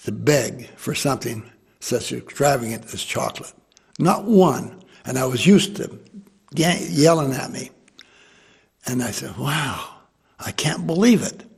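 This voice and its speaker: An older American man telling a war memory to an interviewer, lively and acting out the people he quotes. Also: medium pitch, creaky, slightly rough. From United States. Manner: animated storyteller who voices quoted people. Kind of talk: storytelling.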